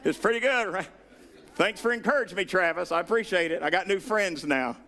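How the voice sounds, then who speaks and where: A man with a Southern US accent preaching a sermon, animated, acting out the voices he quotes. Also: sits high, brisk. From Southern United States. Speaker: pastor.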